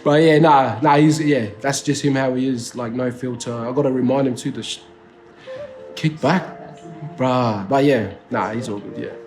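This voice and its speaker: A man's voice: mid-range voice, moderate pace, a little mellow. An Australian man talking as a rapper guest in a casual interview, laid-back and slangy, swearing freely and leaning on lots of fillers. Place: indoor studio.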